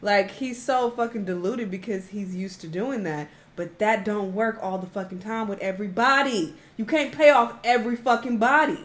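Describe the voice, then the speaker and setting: A woman's voice: medium pitch, moderate pace, hardly any pauses. A woman co-hosting a casual commentary show, blunt, swearing and reacting with short interjections.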